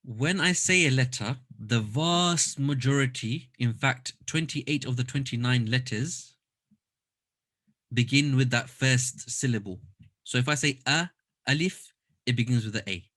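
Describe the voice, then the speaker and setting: A man's voice: medium pitch, measured pace, fairly bright tone. A man teaching a Quran recitation class online, explaining step by step and demonstrating sounds aloud over a computer mic.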